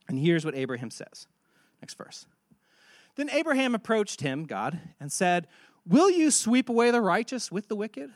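A man preaching a sermon, telling a Bible story and acting out its dialogue with animated delivery. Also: sits high, normal speed, dry recording, clean studio sound. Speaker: pastor.

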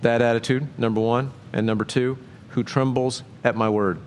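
A male pastor delivering a casual, conversational sermon at a middle pitch. He keeps asking his listeners questions and pushes his voice upward to stress a point. A faint low rumble sits under the recording. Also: normal speed. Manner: conversational preaching with rhetorical questions and lively pitch jumps.

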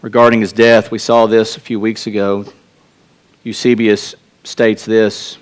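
A man's voice: fairly low pitch, level tone, measured pace, clear, resonant tone. A man with a Texas accent preaching a sermon in a church, earnest and conversational, with restarts and asides to the congregation. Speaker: pastor.

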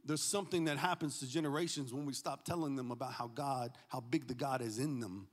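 A pastor preaching a sermon, animated and joking, swinging from loud to hushed. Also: male voice, mid-range voice, fairly quick, big-room sound.

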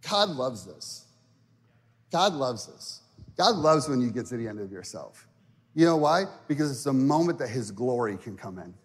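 A man preaching a sermon in church, swinging from quiet talk to shouting and stretching words out. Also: mid-range voice, sing-song, normal speed, breathy edge, in a large hall. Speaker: pastor. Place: church sanctuary.

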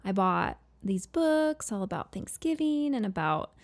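A woman's voice: medium pitch, unhurried. A woman guest on a parenting podcast, chatting casually and telling stories about her kids with animation. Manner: animated storyteller. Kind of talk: casual chat, anecdote.

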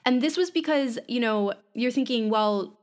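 A woman's voice: a little high, normal speed. Woman podcast co-host, chatty history explainer, loose filler-heavy delivery. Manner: explanatory, lively, many fillers like "you know" and "like". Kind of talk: casual history podcast chat.

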